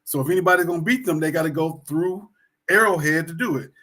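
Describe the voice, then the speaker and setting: A man's voice: a little high, fast, pushed and bright. A man co-hosting a sports talk show, talking in a laid-back, reflective way in casual chat.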